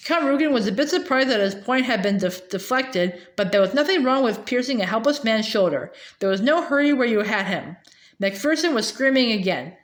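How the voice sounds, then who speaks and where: A woman reading a novel aloud in a fairly high voice. She stumbles often, repeating words and filling gaps with hesitant sounds. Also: animated. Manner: halting, with many fillers and restarts. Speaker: reader.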